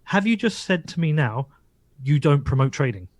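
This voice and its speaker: A man's voice: a little high, very animated, moderate pace, dry recording. A man hosting a livestream interview who presses his guest with the same questions again and again and stammers as he pushes. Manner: insistent, repeats questions, stammers. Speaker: host.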